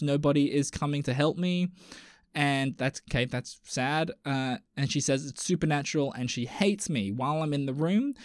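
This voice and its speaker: A man streaming and reading online posts aloud, reacting with sudden loud exclamations and casual swearing. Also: fairly high pitch, no echo, studio quality. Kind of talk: casual chat with commentary.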